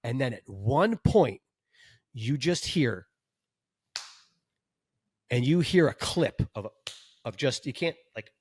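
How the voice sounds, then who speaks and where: A man's voice: medium pitch, slow, long pauses, breathy edge, no room sound. A male stunt performer co-hosting a chat podcast, dropping into voices for each person in his stories and cursing casually. His voice sits in an ordinary middle register. He is recorded dry and close, with no room sound. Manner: animated storyteller acting out quotes, swears freely.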